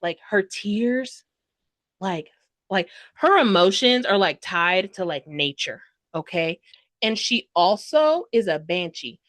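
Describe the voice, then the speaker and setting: A woman's voice: mid-range voice, animated, takes it slowly, fairly bright tone, no echo. A young woman giving a casual, dramatic book review, full of fillers and rambling asides. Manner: gushing, dramatic, heavy filler "like".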